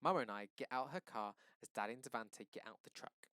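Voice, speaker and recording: A male teacher reading a novel aloud to his class in a lively, expressive way. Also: medium pitch, fast talker.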